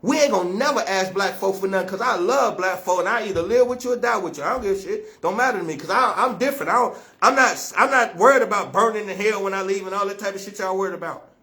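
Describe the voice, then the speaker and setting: Talking fast and barely pausing, a man with a high, bright, forceful voice speaks straight to camera in an impassioned activist monologue. He's blunt and scolding, with plenty of profanity.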